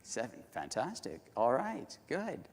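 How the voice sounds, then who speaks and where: Male keynote speaker, lively storytelling delivery, hall reverb. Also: mid-range voice, unhurried. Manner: animated, addresses the audience directly. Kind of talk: storytelling conference talk. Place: large conference hall.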